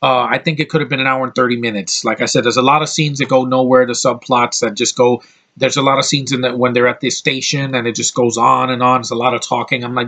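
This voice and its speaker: Quick and level at a medium pitch, this American reviewer's voice sounds pushed and bright. He rambles through a casual film review, opinionated and blunt, swearing often and frequently starting his sentences over.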